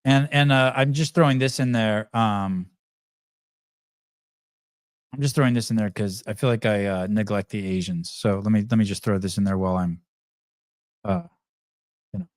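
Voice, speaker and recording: A man's voice: on the low side, dry recording. A man hosting a podcast, talking casually and bluntly with lots of fillers and restarts. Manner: halting, many fillers and restarts, blunt with swearing. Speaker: podcast host. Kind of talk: casual commentary while playing clips.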